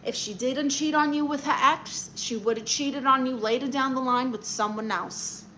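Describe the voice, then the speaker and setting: A brassy woman with a Brooklyn accent hosts a comedy livestream, reading viewer comments aloud and handing out blunt, sassy advice. Her voice sits fairly high and has a sharp, bright edge. A faint hiss runs under it. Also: normal speed. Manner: brassy, blunt and sassy, calls people honey. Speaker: livestream host giving comic advice.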